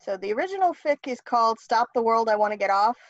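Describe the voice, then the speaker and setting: A woman's voice: fairly high pitch, animated, fast talker, dry recording. A woman guest author talking in a casual interview, blunt and wry. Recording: dry, dull lo-fi sound.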